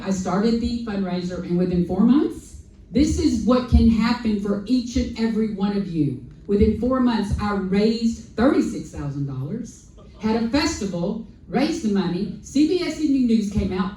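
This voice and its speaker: A woman telling an animated personal story on a festival panel, acting out quoted dialogue and repeating lines for emphasis, heard from a distant mic. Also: mid-range voice, slight background noise. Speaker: sanctuary founder on a festival panel. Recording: echoey hall, voice from far off.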